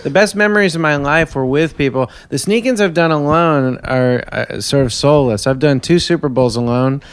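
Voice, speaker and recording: A man's voice: a little high, normal speed, smooth, no echo. A man who is a guest on a podcast and chats in an easygoing, matter-of-fact way. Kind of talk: casual comedic chat.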